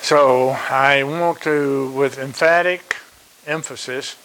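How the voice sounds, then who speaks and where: A man preaching a sermon. He speaks slowly and deliberately, stresses his key points by repeating them, and pauses on fillers. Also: mid-range voice, sharp tone, rough recording.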